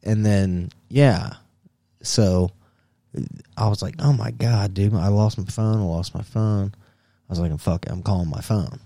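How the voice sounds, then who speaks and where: A man's voice: fairly low pitch, a little slow, creaky, warm tone, no echo. A man on a podcast casually telling a wild story, swearing a lot, laughing and acting out what people said. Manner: profane, laughing, acts out quoted voices. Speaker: podcast co-host.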